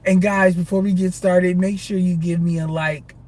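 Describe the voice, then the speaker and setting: A man mimicking a polite, earnest male YouTuber giving a slow channel intro. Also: high-pitched, flat delivery, darkish tone, natural voice.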